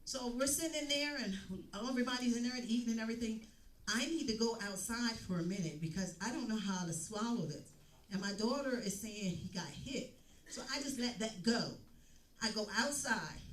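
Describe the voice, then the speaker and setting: A woman giving an emotional church testimony, telling her story with repeated phrases. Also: medium pitch. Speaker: testimony speaker. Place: church hall. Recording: echoey room, mic at a distance.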